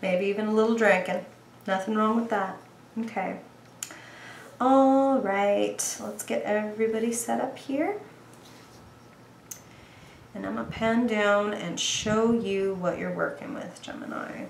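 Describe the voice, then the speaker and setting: A woman's voice: mid-range voice, steady tone, a little slow, gravelly, long pauses, echoey room, a little hiss or hum. A woman reading tarot for viewers in a bubbly, chatty way, thinking aloud as she goes. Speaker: tarot reader. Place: indoor room with bright light.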